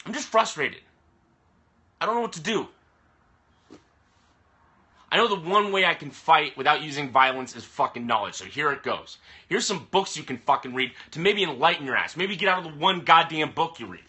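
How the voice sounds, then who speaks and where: A man's voice: on the high side, lively intonation, moderate pace, long pauses, bright, forceful tone. A man ranting on a live stream, frustrated and swearing heavily as he talks to the camera. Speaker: vlogger. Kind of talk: angry live-stream rant. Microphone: camera mic. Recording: phone or webcam live stream.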